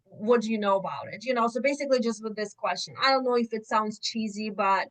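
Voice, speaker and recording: A woman's voice: a little high, quick pace, a bit bright, rough recording. A woman on a group video call, speaking hesitantly with many ums. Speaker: team member on a community call. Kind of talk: casual chat on a group call.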